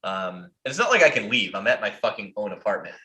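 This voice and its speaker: A man's voice: fairly low pitch, very animated, quick pace, bright, forceful tone. Profane, rambling American man. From United States. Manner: profane, rambling, heavy on fillers. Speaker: podcast host. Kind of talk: casual storytelling. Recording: roomy echo.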